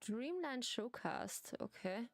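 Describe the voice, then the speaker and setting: Slow-talking German-accented woman streamer. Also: a little high, animated, no room sound, soft background music. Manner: halting non-native English, giggly, chatty with restarts. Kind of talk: casual gaming stream chat.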